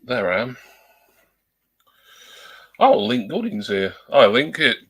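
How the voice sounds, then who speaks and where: A man's voice: medium pitch, big pitch swings, slow pace, very noisy. A man at home, chatting casually on a live stream and testing a new desktop USB microphone, rambling and self-deprecating with many ums. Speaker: livestreamer. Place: at home at a computer.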